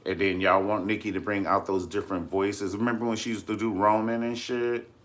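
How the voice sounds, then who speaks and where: A man's voice: lowish voice, little pitch movement, a little fast, fairly bright tone. A man chatting casually about celebrity news in a sassy, dramatic way, often calling viewers honey. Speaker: vlogger discussing celebrity news. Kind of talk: casual chat to camera.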